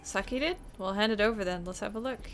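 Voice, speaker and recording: A woman's voice: medium pitch, fast talker, fairly bright tone, faint music behind, natural voice. A woman voicing a friendly, chatty male detective with a put-on Texan drawl, reading game dialogue aloud. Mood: folksy.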